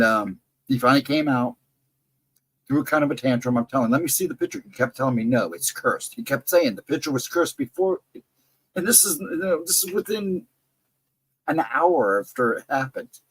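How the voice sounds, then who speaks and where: A middle-aged man tells a story in a loose, rambling way, stopping to correct himself and throw in asides. His voice sits at a middle pitch and has a husky, breathy edge. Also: poor audio. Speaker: storyteller on a live chat show. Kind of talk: casual storytelling.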